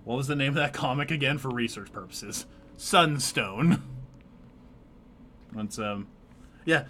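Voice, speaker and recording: A man's voice: medium pitch, lively intonation, unhurried, sharp tone, slight background noise. A man co-hosting a casual live stream, rambling with many fillers and restarts and reading chat comments aloud. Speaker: streamer co-host.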